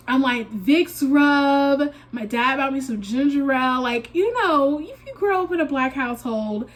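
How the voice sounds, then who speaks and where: A woman's voice: sits high, animated, unhurried, few pauses. A young woman chatting casually as a beauty vlogger, animatedly telling a story and acting out her own panicked remarks, sounding a bit congested. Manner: uses y'all and filler likes. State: congested, recovering from a sinus infection. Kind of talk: casual get-ready-with-me chat.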